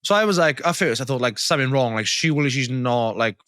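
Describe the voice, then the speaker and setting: A young man from Wales co-hosting a podcast, recounting stories in a teasing, halting way. His voice has a bright, forward edge, and the recording is dry and close-miked. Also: mid-range voice, animated, smooth, no room sound. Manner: storytelling, teasing, halting restarts. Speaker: podcast co-host. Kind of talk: casual chat.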